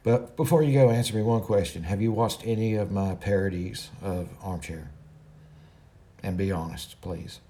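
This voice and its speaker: A man's voice: on the low side, fairly quick, few pauses, mellow. A middle-aged man from Kentucky with a Kentucky accent, chatting casually with viewers on his livestream in a folksy way. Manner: folksy, talks to viewers directly. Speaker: livestream host.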